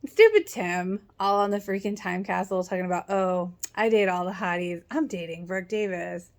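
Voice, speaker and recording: A woman's voice: mid-range voice, normal speed, a little mellow. A young woman casually recapping a TV episode, sarcastic and chatty, acting out the characters' lines as she goes. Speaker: TV show reaction vlogger.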